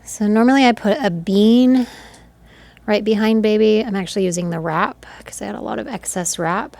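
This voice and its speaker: A woman's voice: medium pitch, normal speed, creaky, slight background noise. A woman photographer talking through a newborn photo session in her studio, chatty and instructive. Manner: instructive, chatty, coos softly to the baby. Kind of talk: explaining a photo session on camera.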